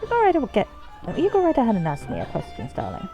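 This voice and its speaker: A woman's voice: huge pitch swings, fast talker, mellow, highs cut off, faint music behind. A woman voicing a sultry, flirtatious female brothel madam in a put-on accent, reading game dialogue aloud and drawling endearments. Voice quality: put-on accent she calls terrible. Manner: drawls endearments with deep swoops down.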